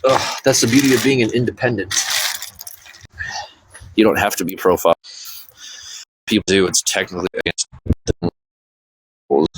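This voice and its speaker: A man's voice: fairly low pitch, normal speed, long pauses, husky, rough recording. A man chatting casually on a live stream from his phone, rambling and reading viewer comments aloud.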